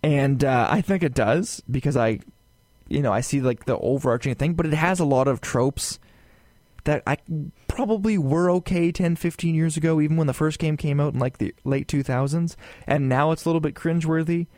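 A man co-hosting a casual gaming podcast, talking in a rambling, animated way with lots of fillers and asides. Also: on the high side, fairly quick, no room sound. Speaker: podcast co-host.

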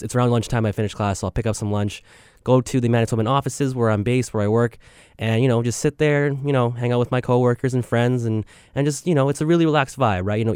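Young guy hosting a podcast, lots of ums, smooth voice, dry close mic. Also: fairly low pitch, a little mellow, dry recording. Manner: rambling, self-deprecating, lots of ums. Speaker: student podcast host. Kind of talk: casual spoken intro.

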